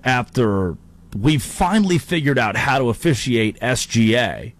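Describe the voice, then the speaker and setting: A male sports-talk host carries the monologue with lively energy. He talks fast and loose, cracking jokes and mixing in quick mock voices between his points. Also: mid-range voice. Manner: animated, jokey, slips into mock impressions.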